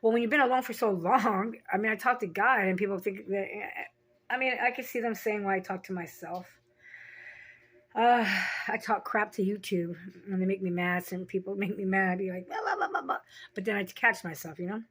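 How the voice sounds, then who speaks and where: A woman's voice: mid-range voice, fairly even intonation, fairly quick, fairly bright tone, slightly rough. A middle-aged woman vlogger telling personal stories in a frank, rambling way. She swears freely and laughs at herself. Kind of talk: candid personal storytelling.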